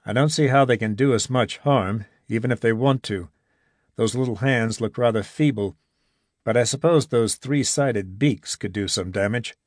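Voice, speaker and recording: A man reading the part of a calm, practical expedition leader with a solemn, dry humor, recorded close and dry. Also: medium pitch, moderate pace, no room sound, close to an everyday voice. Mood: cautious.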